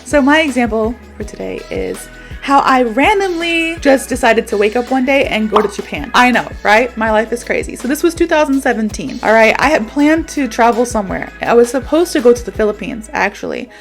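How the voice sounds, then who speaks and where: A young woman talks through an English lesson in a relaxed, chatty way, peppering her speech with fillers. Her voice sits a little high for a woman, and soft music plays faintly under her. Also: brisk. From United States. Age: young adult. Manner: chatty, self-aware, uses fillers like "so" and "like". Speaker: English teacher. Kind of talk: casual video lesson.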